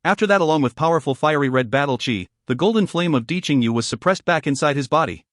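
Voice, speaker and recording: A man narrating a fantasy audiobook in a steady storytelling way, recorded on a close mic in a studio. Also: a little high, fast talker, few pauses, no echo.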